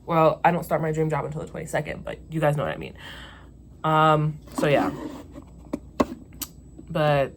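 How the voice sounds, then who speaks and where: A woman's voice: low voice, expressive, moderate pace, pauses often. A young woman vlogger telling a story in casual chat, venting candidly and swearing freely.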